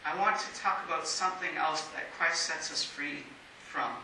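A man pastor giving a sermon in a church, speaking in a measured way with emphatic pauses. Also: a little high, steady tone, sharp tone. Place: church sanctuary. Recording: very echoey hall, distant mic, faint hiss.

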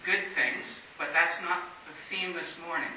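A man pastor giving a sermon in a church, speaking in a measured way with emphatic pauses. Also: on the high side, fairly even intonation, bright, forceful tone. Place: church sanctuary. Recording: very echoey hall, distant mic, faint hiss.

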